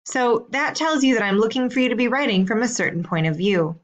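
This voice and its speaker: A woman teacher reading out homework questions in a slow, clear, deliberate way. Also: a little high, dull audio. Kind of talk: recorded assignment instructions.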